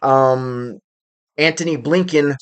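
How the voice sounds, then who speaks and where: A man at an ordinary middle pitch hosts his own commentary video. He speaks off the cuff about current events and often stops to search for the next word. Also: smooth. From United States. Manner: unscripted, pausing often to find words. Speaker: channel host.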